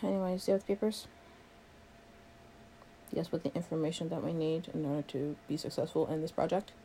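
A woman's voice: deep voice, a little fast, warm tone, slight background noise. A young woman in a one-sided role-play, playing a sarcastic, exasperated coworker who swears a lot. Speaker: coworker doing a project with the listener.

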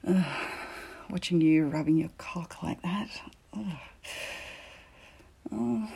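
A woman voicing a teasing, commanding female teacher in an audio role-play, often dropping into soft whispers. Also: low voice, vocal fry, breathy edge, exaggerated voice.

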